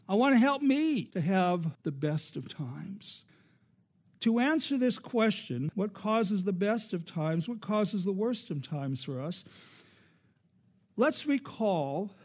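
A man preaching a sermon as pastor, rising and falling for emphasis and calling for amens. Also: sits high.

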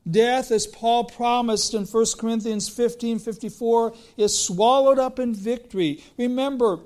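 A middle-aged man preaching a sermon as a pastor, slow and emphatic, building on repeated phrases. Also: very high-pitched, steady tone, darkish tone.

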